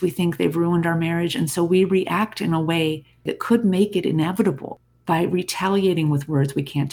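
A podcast host talks through a scripted self-help episode in a calm, reflective way, turning often to the listener. The voice has a gravelly fry to it. Its tone is husky rather than clean. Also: medium pitch.

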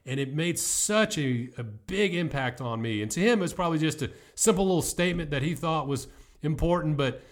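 A man's voice: fairly high pitch, animated, a little fast. A middle-aged man who coaches football, giving an earnest, emphatic motivational talk.

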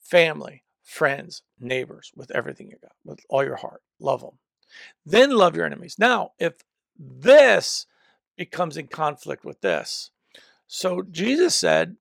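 Gravelly, lively-voiced male preacher. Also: a little high, unhurried, no echo, clean studio sound. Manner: emphatic, repeats and restarts phrases. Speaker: preacher and teacher. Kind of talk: teaching sermon. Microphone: microphone.

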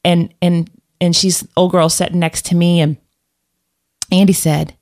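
A woman's voice: lowish voice, completely flat delivery, normal speed, darkish tone. A woman telling a personal story in casual conversation, rambling with fillers and restarts. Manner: rambling, many restarts and fillers, laughs often.

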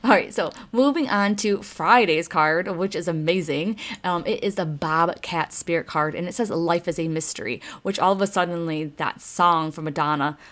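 Woman, 30s, slightly low voice; chatty, emphatic card-reading host who talks right at the audience. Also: normal speed, hardly any pauses, a bit bright. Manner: chatty and emphatic, swears mildly, addresses listeners directly. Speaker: spiritual card reader, podcast host. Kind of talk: casual oracle card reading monologue.

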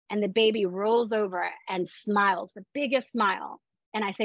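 A woman from Florida telling her story as a podcast guest in a chatty, animated way with lots of fillers. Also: medium pitch, moderate pace, dry recording. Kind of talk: casual personal storytelling. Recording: dull, dry lo-fi sound.

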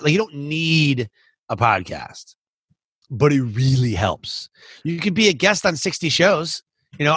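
A man who runs a podcast talks in a loose, rambling flow, stringing thoughts together with "like" and restarts. His voice is bright, somewhat high and husky. The recording is dry and close. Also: no room sound. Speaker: podcast host and coach. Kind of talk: casual interview chat.

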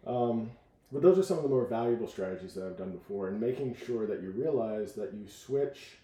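A man coaching in a casual podcast conversation, telling stories with lively acted-out quotes. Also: lowish voice, brisk, reverberant. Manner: animated storyteller, acts out voices in quotes.

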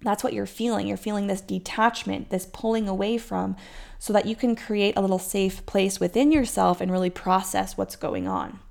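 A woman's voice: medium pitch, expressive, moderate pace, creaky, a little mellow. A woman fertility coach talking to listeners in a casual podcast monologue, reassuring and conversational, often acting out their anxious inner voices.

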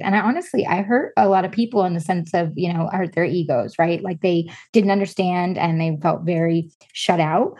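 A woman in her thirties who is a podcast guest, telling her story in casual interview chat with animated, expressive delivery. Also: on the low side, fairly quick, hardly any pauses, breathy edge. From California. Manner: animated storytelling, acts out quoted voices.

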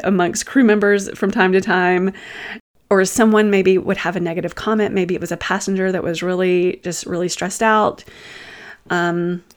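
Reflective woman telling a personal story. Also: lowish voice. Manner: thoughtful, unhurried, often pausing and restarting; candid, self-deprecating asides. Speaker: host sharing personal experiences.

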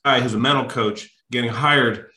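A coach tells a story with lots of energy, stressing words and acting out the people in it. His voice is bright and forward, and his words ring in an echoey room. His pitch sits at a middle level. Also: moderate pace. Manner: lively, emphatic, acts out quotes. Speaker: mental toughness coach, podcast guest. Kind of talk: animated anecdotal storytelling.

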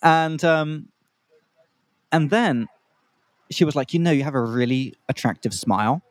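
A man's voice: a little high, measured pace, no echo. A young man co-hosting a podcast for English learners, telling a rambling story in a casual way, stopping to explain slang and acting out the other voices. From Australia. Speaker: podcast co-host.

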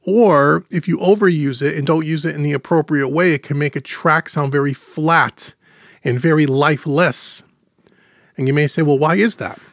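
Male podcast host, slightly high voice, chatty explainer, dry close studio mic. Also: steady tone, fairly bright tone, no room sound. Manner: chatty, explanatory, slows down to stress points. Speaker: podcast host teaching audio mixing. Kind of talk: casual podcast teaching. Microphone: studio microphone through gentle compression.

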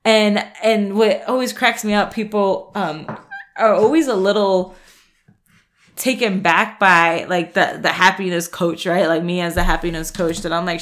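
Casting note: woman coach, casual pep talk, mid pitch, blunt and chatty, lots of restarts. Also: steady tone, unhurried, a bit bright. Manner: chatty, frank, laughs and swears, many restarts. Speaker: happiness and nutrition coach.

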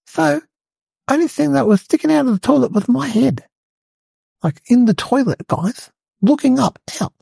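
A man voicing an excitable, rambling young schoolboy, telling a comedic story. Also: extremely high pitch, gravelly, breathy edge, dry recording, heavily acted. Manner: breathless rambling storyteller, lots of "like" and "guys".

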